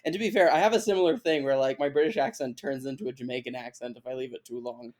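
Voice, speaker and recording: A man's voice: mid-range voice, fairly even intonation, quick pace, a little mellow. A man co-hosting a podcast, teasing and laughing easily, often restarting his sentences. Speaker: podcast co-host. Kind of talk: casual podcast chat. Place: home, recorded remotely.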